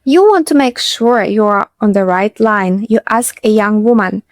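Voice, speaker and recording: A woman, a teacher narrating a slow scripted lesson and repeating phrases for learners. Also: medium pitch, no room sound. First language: Russian. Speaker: Russian teacher.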